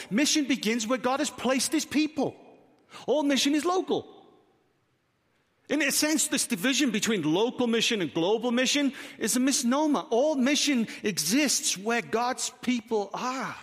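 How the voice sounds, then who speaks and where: A man's voice: extremely high pitch, animated, normal speed, fairly bright tone, breathy edge. A man with a Welsh accent, preaching a sermon as pastor, emphatic and full of rhetorical questions. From Wales. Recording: reverberant hall.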